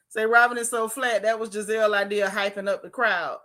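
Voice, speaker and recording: A woman giving sassy, animated gossip commentary as a YouTube host. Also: mid-range voice, brisk, hardly any pauses.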